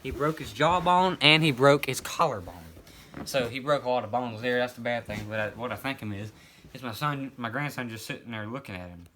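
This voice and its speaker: A man's voice: medium pitch, a little fast, slight background noise, natural voice, rough recording. A man playing a rambling old grandpa storyteller. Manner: rambling, meandering, deadpan delivery of absurd events. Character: rambling grandfather telling absurd tall tales. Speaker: comedic storyteller. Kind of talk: improvised comedy monologue.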